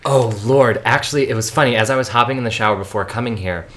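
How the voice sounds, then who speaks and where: A man co-hosting a podcast in casual chat, animated and gossipy, full of quick asides. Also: mid-range voice. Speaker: podcast co-host.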